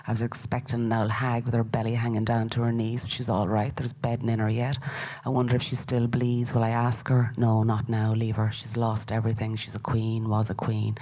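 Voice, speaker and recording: A woman's voice: rumbling low, completely flat delivery, brisk, warm tone, poor audio. A woman reading the part of a brutal, lustful middle-aged warrior king who talks coarsely and schemes. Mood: leering.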